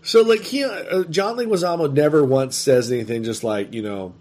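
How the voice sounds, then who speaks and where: A man's voice: on the high side, moderate pace, a little mellow. A man in casual, profane conversation reviewing a movie, laughing often and talking with animation.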